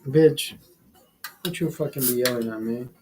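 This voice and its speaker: A man casually telling a profane story in a vlog, animated and blunt. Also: mid-range voice, normal speed, heavy background noise. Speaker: vlogger.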